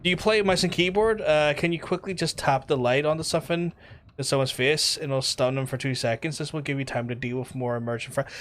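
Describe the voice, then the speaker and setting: A man's voice: fairly high pitch, brisk, fairly bright tone, slight background noise. Chatty Northern Irish man streaming. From Northern Ireland. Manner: rambling, chatty, swears freely. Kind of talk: casual live-stream commentary.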